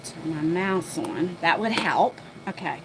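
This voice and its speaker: A woman's voice: fairly low pitch, background noise. A woman hosting a casual live chat from home, talking to her viewers and her dog while out of breath. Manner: chatty, talks to viewers and her dog while rushing around. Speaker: livestream host. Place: home, moving between floors.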